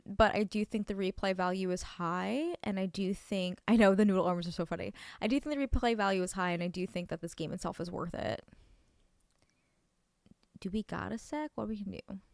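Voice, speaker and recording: A woman streamer chatting casually while she plays a video game, gushing over cute things and often dropping to a soft near-whisper. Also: mid-range voice, gravelly, clean tone, no echo, studio quality. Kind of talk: casual let's-play chat.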